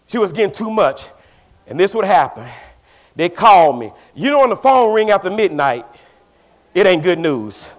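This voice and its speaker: A middle-aged man pastor preaching a sermon, swinging between shouted emphasis and hushed storytelling, driving his points home by repeating phrases. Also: high voice, big pitch swings, moderate pace.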